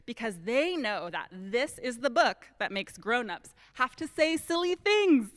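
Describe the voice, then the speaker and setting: A woman minister reading a silly story to children during a church service, playful and expressive. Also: on the high side. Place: church sanctuary. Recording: long reverb of a large hall.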